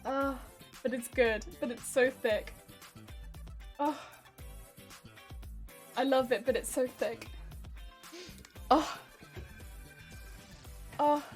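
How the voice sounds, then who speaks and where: Speaking extremely slowly and pausing often, this crafting livestreamer from England has a high voice with an English accent. She rambles playfully and giggles while chatting with her stream and reading out chat messages. Faint music plays in the background.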